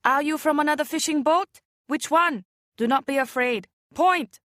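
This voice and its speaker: A woman reading the part of a fishing-boat woman who scolds her companions and speaks gently to a lost child, slow and deliberate. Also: fairly high pitch, no room sound, clean studio sound, lightly acted. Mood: firm. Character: kindly adult fishing-boat woman, firm but gentle.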